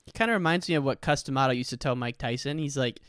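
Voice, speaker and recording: A man's voice: medium pitch, fast talker, fairly bright tone, smooth, no room sound, studio quality. A man hosting an interview, asking questions in a casual, friendly way. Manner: casual, friendly, says "dude". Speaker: podcast host.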